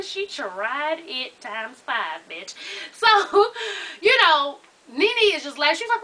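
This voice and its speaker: Sassy high-voiced woman gossiping. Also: sing-song, a little slow. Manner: sassy, loud laughs, quotes people in put-on voices. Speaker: reality show recap vlogger. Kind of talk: casual profane gossip recap.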